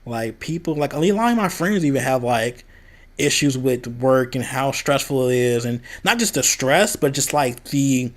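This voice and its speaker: A man's voice: mid-range voice, animated, moderate pace. A young man from the American Midwest, talking candidly in a casual vlog and venting about a past job. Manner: candid, venting, quoting others in a raised voice. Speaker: vlogger.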